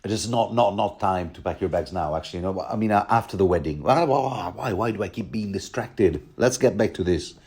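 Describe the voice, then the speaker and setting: A man's voice: low voice, fairly quick, hardly any pauses, a little mellow, breathy edge. A man rambling through a casual book commentary, often interrupting himself and laughing. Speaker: podcast host.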